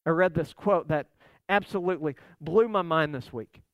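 A man's voice: on the high side, normal speed, no room sound. A man preaching a sermon as a pastor, conversational and emphatic, with asides to the listeners.

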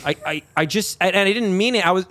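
A young man hosting a podcast, telling a story in casual chat, animated and swearing, acting out the voices of people he quotes. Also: high-pitched, fast, no echo. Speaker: podcast host.

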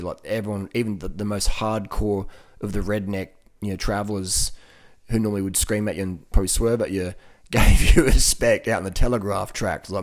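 Rambling Australian man, lowish voice. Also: fairly even intonation, normal speed. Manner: rambling, repeats words, laughs often. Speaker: vegan cycling advocate. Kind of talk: casual motivational talk.

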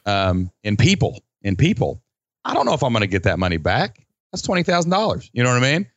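A man hosting a podcast in casual chat, animated and folksy, acting out quoted people with big jumps in his voice. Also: medium pitch, quick pace, no room sound, muffled recording. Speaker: podcast host.

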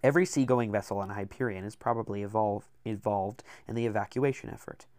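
A man voicing a reserved, patient male diplomat who speaks in a measured way, in an audiobook. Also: on the low side, darkish tone, no room sound, studio quality, natural voice.

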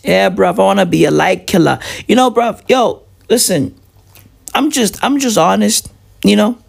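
A man's voice: high voice, normal speed, gravelly. A man, doing a profane, rambling comic monologue full of "right?" and "bruv". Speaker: comedian vlogger.

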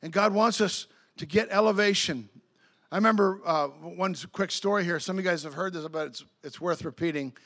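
A middle-aged man preaching a sermon as pastor, telling stories with excitable restarts and acting out the voices of people he quotes. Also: high-pitched. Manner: storytelling with acted-out quotes and laughter; excitable, many quick restarts.

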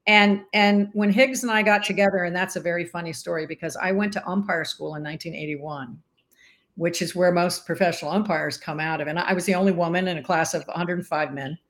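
A woman in her sixties, a podcast guest, telling stories in a lively interview chat and acting out what others said. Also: lowish voice, a little fast. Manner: animated storyteller who acts out quoted voices.

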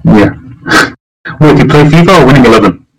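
A man's voice: medium pitch, expressive, brisk, slightly rough, poor audio. A man appearing as a guest on a podcast, chatting casually and rambling with frequent hesitations and restarts.

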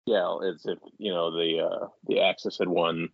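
Low husky man, rambling casual chat. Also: flat delivery, normal speed, no room sound, highs cut off. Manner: rambling, laughs often, many restarts. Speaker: podcast co-host. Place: indoors at home.

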